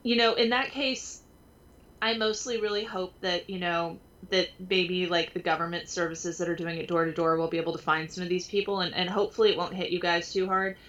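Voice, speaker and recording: A woman's voice: on the low side, steady tone, a little fast, fairly bright tone, highs cut off. A young woman co-hosting a casual podcast, rambling with many restarts, laughing often and swearing freely. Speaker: podcast co-host.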